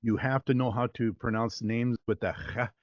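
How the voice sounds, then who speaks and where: A voice-over artist talking casually in an interview, upbeat and rambling with plenty of fillers. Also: male voice, medium pitch, steady tone, normal speed, no echo, lo-fi sound.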